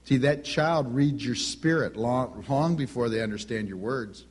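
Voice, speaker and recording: A middle-aged man preaching a sermon, telling stories with lively delivery and acting out the voices of the people in them. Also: mid-range voice, unhurried. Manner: animated storytelling, acts out quoted voices.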